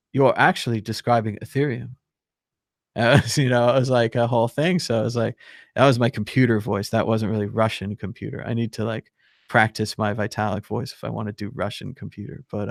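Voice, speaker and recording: This crypto show host has a gravelly, medium-pitched voice, captured with studio quality and no room sound. Hosting live online, he chats loosely, his speech full of fillers. Viewer comments get read out with a chuckle here and there.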